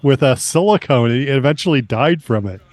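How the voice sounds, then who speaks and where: A man's voice: medium pitch, animated, fairly quick, no room sound. An American man co-hosting a podcast, joking loosely and laughing between lines. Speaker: podcast co-host. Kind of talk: casual banter.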